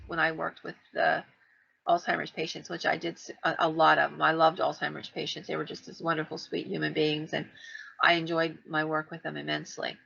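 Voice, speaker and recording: A middle-aged woman spins a winding personal story on a podcast, with a gravelly, bright, somewhat low voice. She acts out the lines she quotes. The podcast audio sounds dull and lo-fi. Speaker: podcast co-host telling ghost stories.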